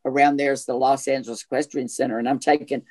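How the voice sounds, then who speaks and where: A man with a strong Southern US accent and a voice he calls gay, talking as an actor guest in an interview. He tells his stories in a chatty, animated way, hopping from thought to thought. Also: medium pitch, fast. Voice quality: self-described gay voice. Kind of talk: casual interview chat.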